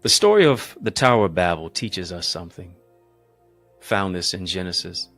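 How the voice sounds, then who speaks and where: A male motivational speaker delivering a preaching-style speech, emphatic and rhythmic with lots of repetition, swinging between booming lines and hushed ones, calling his listeners family. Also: lively intonation, moderate pace, soft background music. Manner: addresses live viewers as family.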